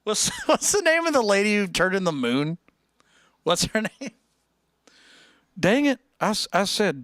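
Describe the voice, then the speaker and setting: A man's voice: high voice, sing-song, measured pace, pauses often, fairly bright tone, no room sound, clean studio sound. A man streaming, chatting casually and joking around with lots of laughs. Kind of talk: casual chat.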